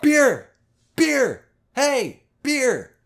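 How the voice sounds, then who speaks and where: A man's voice: mid-range voice, big pitch swings, a little fast, pitched above the performer's own voice. A man putting on the voice of an obnoxious, insecure man at a bar who whines and repeats his demands. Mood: hollering. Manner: whiny, pushy, repeats demands.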